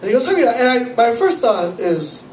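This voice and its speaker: High-voiced rambling stand-up man. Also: normal speed. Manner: rambling, self-deprecating, swearing, animated. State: has a cold. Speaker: stand-up comedian. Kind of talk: stand-up comedy set. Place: small cafe comedy night, from the audience area. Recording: echoey cafe room, camera far off, audible noise.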